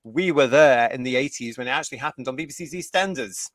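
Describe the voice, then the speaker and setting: A middle-aged British man co-hosting a fan talk show, blunt and opinionated, reading articles aloud with halting restarts. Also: mid-range voice, fairly bright tone, dry recording, studio quality. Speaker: co-host.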